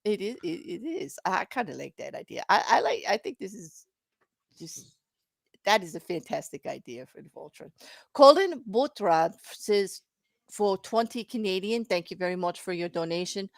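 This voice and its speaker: A woman's voice: medium pitch, expressive, normal speed, creaky, dry recording, studio quality. A woman with a South African accent, co-hosting a live stream and reading out donor messages with easy laughter. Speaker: co-host reading donations. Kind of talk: casual live-stream chat.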